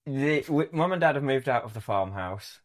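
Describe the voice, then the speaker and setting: Young man, lively animated storyteller. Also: medium pitch, moderate pace. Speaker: podcast host. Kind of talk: casual storytelling.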